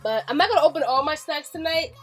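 A young adult woman vlogging a snack box unboxing, gushing with excitable exclamations as she tastes each treat. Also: sits high, fast talker, soft background music. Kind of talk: casual unboxing chat.

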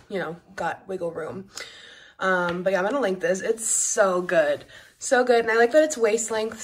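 A woman's voice: medium pitch, husky. A young woman casually vlogging at home to camera, chatty and giggly, full of "like" and "um". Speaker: lifestyle vlogger. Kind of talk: casual vlog chat to camera. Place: at home, bedroom.

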